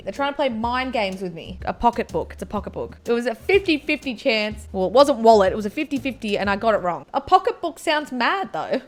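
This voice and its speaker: An Australian woman hosts a casual vlog from home in a fairly high voice. She talks in a playful, self-mocking way, swinging from loud outbursts to mutters. Faint music sits under her voice. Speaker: YouTuber host. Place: indoors at home, wrapped in a blanket.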